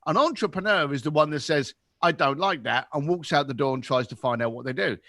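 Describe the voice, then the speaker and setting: A man in his fifties with a London accent, a podcast guest telling animated stories and acting out the voices in them. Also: on the high side, brisk, no echo, clean studio sound. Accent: London English. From England. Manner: lively, acts out voices in anecdotes. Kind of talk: animated storytelling.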